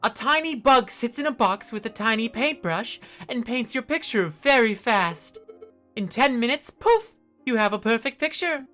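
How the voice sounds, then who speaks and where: A woman's voice: on the high side, expressive, normal speed, fairly bright tone, soft background music, pitched above the performer's own voice. Woman voicing a sweet naive noble girl. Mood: chatty.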